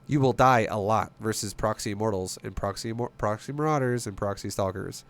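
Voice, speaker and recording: A man's voice: lowish voice, brisk. A man streaming and coaching a strategy game, talking bluntly and emphatically, swearing freely and firing off rhetorical questions.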